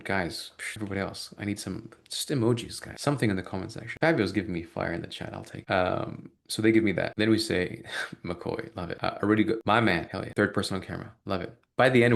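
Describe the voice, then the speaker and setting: A man with a lowish voice runs a sales training over a video call. He rattles through his points at high speed and drops into little acted-out exchanges with prospects. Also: vocal fry. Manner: fast-talking, energetic, acts out sales dialogue. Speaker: sales coach.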